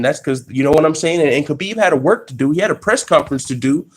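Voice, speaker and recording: A man hosting an MMA live stream from his workplace, telling the story casually in profane slang and restarting sentences as he gets excited. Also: fairly high pitch, fast talker. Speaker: MMA channel host.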